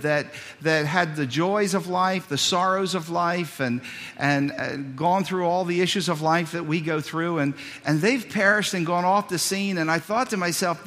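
A male pastor preaching a sermon, telling a story with many repeated words, swinging from loud to hushed. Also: fairly high pitch. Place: church sanctuary. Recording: long reverb of a church hall.

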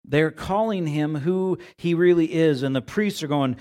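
A man's voice: on the high side, moderate pace, a little mellow. A man preaching a sermon as pastor in a church, talking in a conversational way and often repeating words as he searches for phrasing. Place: church sanctuary.

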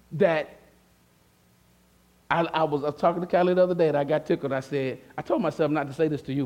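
High-voiced male pastor preaching. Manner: conversational, asks the congregation questions; acts out listeners' replies in a softer voice. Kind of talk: sermon.

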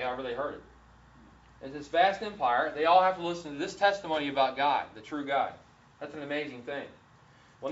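A man's voice: mid-range voice, a bit bright. Man teaching scripture in a roomy hall. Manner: earnest, with frequent restarts and repeated words. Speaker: Bible teacher. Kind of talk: verse-by-verse Bible teaching. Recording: roomy, distant, dull lo-fi sound with faint hiss.

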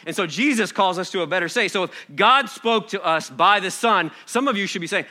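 A man preaching a sermon, reading scripture softly and then building to loud, excited exhortation with rhetorical questions. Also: on the high side, brisk.

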